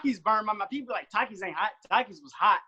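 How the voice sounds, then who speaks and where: A young man in his twenties, a podcast guest, telling animated stories and acting out his own quotes in casual chat. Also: high-pitched, fast, husky, lo-fi sound. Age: 20s.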